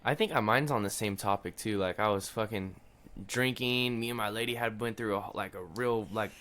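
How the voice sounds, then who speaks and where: A man's voice: fairly low pitch, normal speed, a bit bright. A young man co-hosting a casual podcast, laid-back and swearing, with lots of "like" and "dude" fillers. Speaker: podcast co-host. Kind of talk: casual chat.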